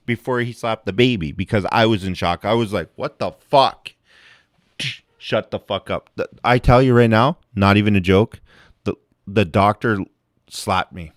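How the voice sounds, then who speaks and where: A man's voice: lowish voice, moderate pace, no room sound, studio quality. A middle-aged man hosting a livestream, ranting bluntly with heavy swearing and frequent laughs. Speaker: livestream host. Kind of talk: casual livestream chat.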